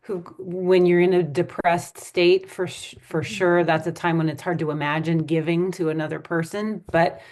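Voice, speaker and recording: A woman hosting an interview as a spirit medium, speaking in a thoughtful, affirming and measured way. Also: fairly low pitch, little pitch movement, darkish tone.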